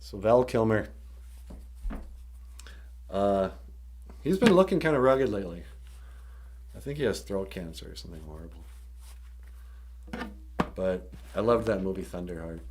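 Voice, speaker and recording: A man's voice: deep voice, expressive, a little slow, long pauses, background noise. A man hosting a live stream, casually retelling a story with jokes and lots of fillers. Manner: rambling, joking, many fillers.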